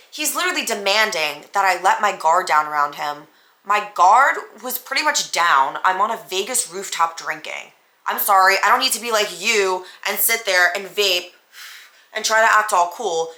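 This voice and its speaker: A woman, hosting a podcast and telling a story in a casual, animated way, full of "like" fillers and acted-out dialogue. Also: mid-range voice, normal speed, roomy sound. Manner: animated, acts out both sides of the conversation; frequent "like" fillers. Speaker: podcast host.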